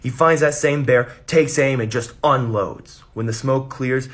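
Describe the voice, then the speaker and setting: Young male comic, deadpan storyteller, crude one-liners, mid-range voice. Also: medium pitch. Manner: deadpan storytelling, quick dirty punchlines. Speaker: comedy creator. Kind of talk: joke telling to camera.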